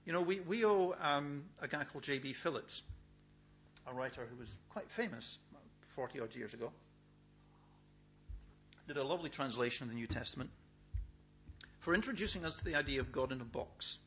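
Emphatic male preacher, lively bright voice. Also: medium pitch, soft background music. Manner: emphatic, repeats key words with pauses. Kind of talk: sermon. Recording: dull, lo-fi sound with faint hum.

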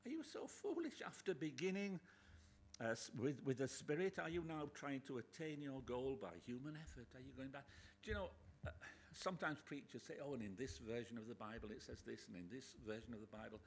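A man preaching a sermon in a church, chatty with joking asides, bursting into loud emphatic quotes. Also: mid-range voice, a little fast, a little hiss or hum. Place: church with a pulpit, indoors.

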